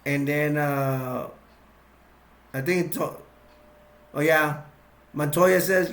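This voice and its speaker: A man casually retelling a movie plot, rambling and excitable, with restarts and sound effects. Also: fairly high pitch, takes it slowly, pauses often. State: sugar-boosted, energetic. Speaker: movie recap vlogger.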